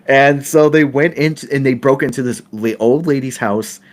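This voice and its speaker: A middle-aged man hosting a podcast tells a story from a film set, speaking casually at medium pitch and normal speed. He laughs a lot and keeps restarting his sentences.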